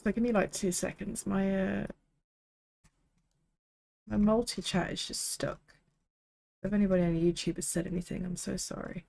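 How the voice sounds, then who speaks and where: A woman's voice: mid-range voice, level tone, moderate pace, creaky, long pauses, warm tone, rough recording. A young woman, chatting casually and rambling while live-streaming a game, swearing freely.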